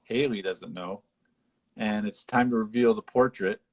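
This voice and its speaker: Male co-host, husky and a bit low, casual animated film chat with playful character quotes. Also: measured pace. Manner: animated retelling, acts out lines in high voices. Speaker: podcast co-host.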